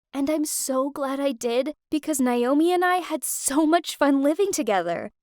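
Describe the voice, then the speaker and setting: A young woman tells her own story in the first person, emotional and confiding. Her voice is high and bright in pitch, and the recording is dry and close, with no room sound. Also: no room sound. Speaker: narrator.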